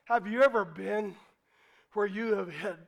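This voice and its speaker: A male pastor giving a sermon, talking conversationally with many restarts and rising into fervent, shouted refrains. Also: high voice, unhurried, gravelly.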